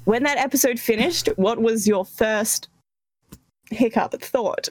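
A woman's voice: a little high, slow, no room sound, low-quality recording. A woman co-hosting a podcast in casual chat, making wry, teasing asides. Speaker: podcast co-host.

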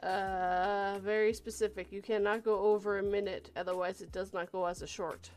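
A woman's voice: mid-range voice, little pitch movement, normal speed, darkish tone. A woman guest in a casual stream chat who is chatty and laughs easily, with faint music in the background.

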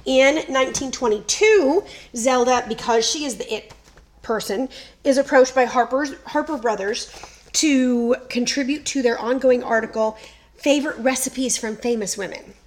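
A woman hosting a casual chat, telling a story in an animated way and reading quotes aloud playfully. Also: sits high, moderate pace. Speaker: podcast host.

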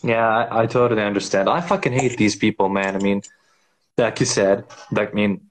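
A man co-hosting a casual podcast, agreeable and relaxed, asking his partner questions. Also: on the low side, fairly quick. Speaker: podcast co-host. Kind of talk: casual chat.

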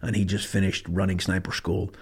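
A man's voice: sits low, little pitch movement, a little fast, husky. A middle-aged man from Ireland telling stories in a blunt, matter-of-fact way, with casual swearing. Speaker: podcast host, former sniper instructor. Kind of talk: casual storytelling monologue.

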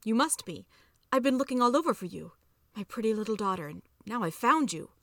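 A woman's voice: fairly high pitch, animated, fairly quick, a bit bright, no room sound, studio quality. A woman voicing an erratic, unhinged old woman who is the narrator's mother, in a podcast story reading. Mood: insistent.

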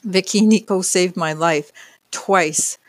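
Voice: medium pitch, takes it slowly, lightly acted. A narrator voicing a shy, fragile young woman who speaks hesitantly. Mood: pleading. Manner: hesitant, soft.

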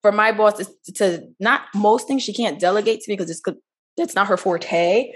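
A woman's voice: medium pitch, normal speed, slightly rough. A young woman co-hosting a podcast in casual chat, talkative, laughing often and acting out what others said. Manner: chatty, laughs often, acts out quotes. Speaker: podcast co-host.

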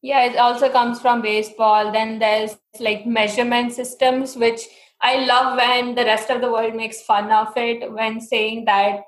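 A woman's voice: fairly high pitch, little pitch movement, a little slow, echoey room. A woman from India co-hosting a podcast, chatting casually and giggling often. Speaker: podcast co-host. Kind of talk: casual chat.

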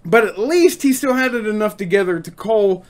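A man co-hosting a laid-back podcast chat, agreeing and chiming in often while his co-host talks. His voice sits fairly high for a man. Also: lively intonation, moderate pace. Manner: agreeable listener who chimes in with short affirmations. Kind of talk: casual chat.

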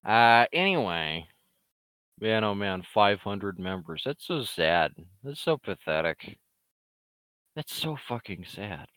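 A comic creator talks to his online fans in a loose, rambling monologue, cursing freely and making fun of the people he mentions. His voice sits lowish with big swings in pitch, and the tone is fairly bright and smooth, with no room sound at all.

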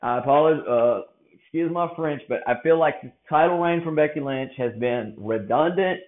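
A man's voice: on the high side, moderate pace. A man giving blunt, rambling wrestling predictions in a casual monologue, often restarting his sentences. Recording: tinny phone-like audio.

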